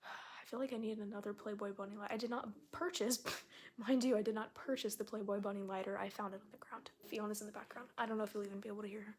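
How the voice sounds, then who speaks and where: A woman's voice: medium pitch, level tone, quick pace, darkish tone, a little hiss or hum. A young woman vlogger reading her childhood stories aloud, chatty and self-mocking, sometimes dropping to a near whisper, at home. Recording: faint music playing in the room.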